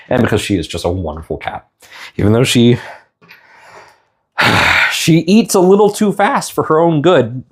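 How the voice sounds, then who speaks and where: A man's voice: mid-range voice, lively intonation, measured pace, long pauses. A young man chatting casually on a live stream, rambling and tender, stopping to apologize now and then. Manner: rambling, tender, stops to apologize while tearing up.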